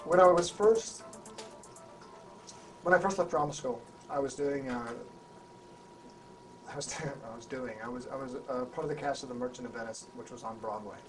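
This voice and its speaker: Animated male actor telling a story. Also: medium pitch, brisk, faint music behind. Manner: animated, restarts and repeats words. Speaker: actor, interview guest. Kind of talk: anecdotal storytelling in an interview. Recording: voice a bit far from the mic, faint background hum.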